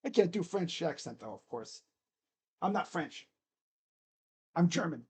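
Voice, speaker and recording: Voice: mid-range voice, expressive, a little mellow, slightly rough. Rambling live game-reaction streamer. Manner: rambling, joking, talks to himself between plays; drawn-out play calls during game action. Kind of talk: casual live play-by-play reaction.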